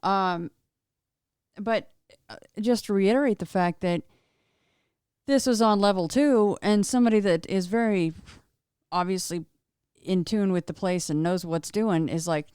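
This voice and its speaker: A woman's voice: mid-range voice, unhurried, long pauses, darkish tone, clean tone, no room sound, studio quality. A woman hosting a podcast, chatty and asking long, rambling questions. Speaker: podcast host. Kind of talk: casual chat.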